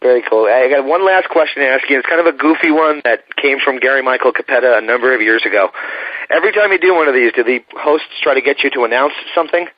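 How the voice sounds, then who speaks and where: A man hosting an interview, asking quick, friendly questions in a casual tone. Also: mid-range voice, dry recording, lo-fi sound. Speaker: interviewer host.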